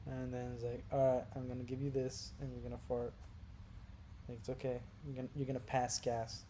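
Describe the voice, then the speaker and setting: A young man casually telling crude stories on a podcast, sliding from low mumbles into loud, animated outbursts. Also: brisk, a little hiss or hum. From Brazil. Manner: animated, gets loud and laughing when telling wild stories. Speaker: podcast co-host. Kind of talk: casual storytelling chat.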